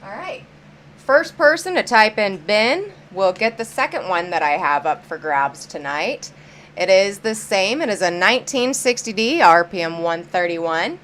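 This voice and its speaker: A woman's voice: mid-range voice, animated, unhurried, fairly bright tone, slight background noise. A woman hosting a live-stream auction, chatty and upbeat, greeting viewers by name as she counts down bids.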